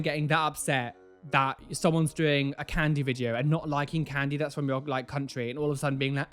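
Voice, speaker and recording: A man's voice: fairly high pitch, steady tone, brisk, a bit bright. Sarcastic man venting. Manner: exasperated, sarcastic, swears freely. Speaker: reaction video host. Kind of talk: casual reaction commentary.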